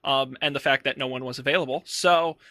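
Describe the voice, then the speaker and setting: A man's voice: medium pitch, steady tone, brisk, sharp tone, dry recording. A man hosting a casual tech podcast, talking in an upbeat, chatty way with fillers into a close mic. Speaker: podcast host.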